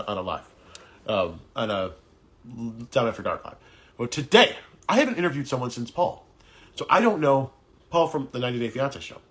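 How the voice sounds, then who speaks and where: A man's voice: mid-range voice, fairly bright tone. A man hosting a casual live-stream interview, rambling and joking with many restarts. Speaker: talk show host.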